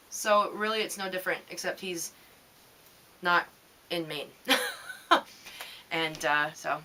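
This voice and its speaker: A young woman hosting her knitting video blog, chatting in a loose, rambling way with many pauses and little laughs. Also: medium pitch, sharp tone. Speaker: knitting vidcast host. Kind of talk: rambling casual vlog chat.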